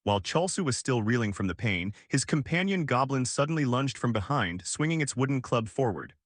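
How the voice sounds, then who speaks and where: Animated male recap narrator. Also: medium pitch, a little fast, dry recording, studio quality.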